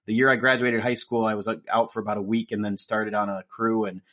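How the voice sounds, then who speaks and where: A man's voice: lowish voice, flat delivery, fast talker, fairly bright tone. A man in his late forties from Iowa, a podcast guest telling stories about his background in a plainspoken, casual way. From Iowa, USA. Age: late 40s. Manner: plainspoken, storytelling. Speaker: revenue executive, podcast guest. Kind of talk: casual interview chat.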